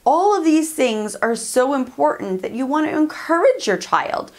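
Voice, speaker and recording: A woman's voice: high voice, sing-song, normal speed, a little mellow. A woman hosting a parenting channel, giving casual advice to camera in a chatty, upbeat way, often laughing and acting out what to say. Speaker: parenting coach and channel host.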